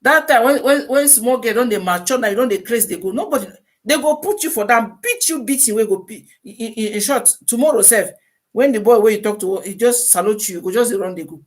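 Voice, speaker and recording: A woman hosting an animated live-stream advice talk in Nigerian Pidgin English. Her fairly high voice swings up and down as she throws out rhetorical questions and prods listeners with "eh?". It sounds casual and lively throughout. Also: fairly quick.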